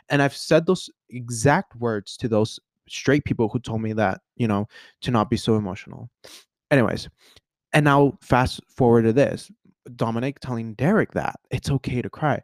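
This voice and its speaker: A man's voice: medium pitch, expressive, moderate pace, darkish tone, no room sound. A man hosting a casual solo podcast, talking in an earnest, rambling way full of fillers and restarts. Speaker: podcast host.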